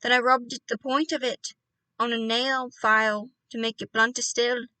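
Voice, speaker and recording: A woman voicing an excitable elderly country doctor who bursts into loud, indignant outbursts. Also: a little high, moderate pace, no room sound. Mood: gleeful storytelling.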